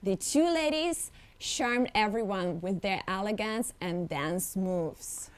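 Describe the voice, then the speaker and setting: A woman's voice: mid-range voice, lively intonation, takes it slowly. A woman co-host answering questions in a thoughtful, conversational way.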